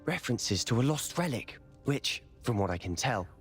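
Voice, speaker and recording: An earnest young wizard student. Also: male voice, mid-range voice, big pitch swings, moderate pace. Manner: earnest, explanatory. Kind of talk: video game dialogue. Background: faint game music.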